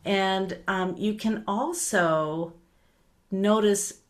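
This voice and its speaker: Drawing out her words at a medium pitch, a middle-aged meditation teacher speaks gently and unhurriedly. She repeats soft words that fade away quietly.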